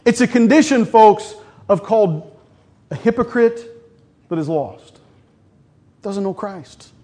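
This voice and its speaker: A middle-aged man preaches a sermon in a high, light voice. He speaks conversationally, slipping in jokes and acted-out quotes. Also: animated, slow pace, mellow. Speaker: pastor.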